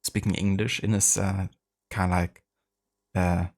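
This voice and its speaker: Low-voiced streamer, rambling. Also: male voice, level tone, a little slow, creaky, darkish tone. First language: German. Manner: rambling, full of fillers. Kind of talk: casual live-stream chat.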